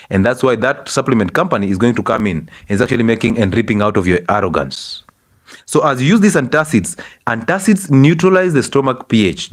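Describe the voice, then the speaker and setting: A middle-aged man with a Kenyan English accent, a doctor giving a lively health lecture to an audience and scolding them with rhetorical questions. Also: mid-range voice.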